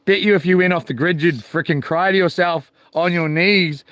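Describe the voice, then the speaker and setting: A man's voice: on the high side, normal speed, hardly any pauses, a bit bright, no echo. A man hosting a casual live stream outdoors by the sea at night, rambling and hesitant with many ums. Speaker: channel host live-streaming.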